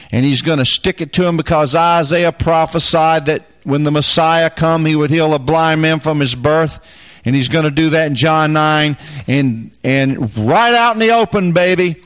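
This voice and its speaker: Folksy, emphatic high-voiced male preacher. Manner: folksy, emphatic, swings from low asides to loud bursts. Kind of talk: Bible teaching sermon.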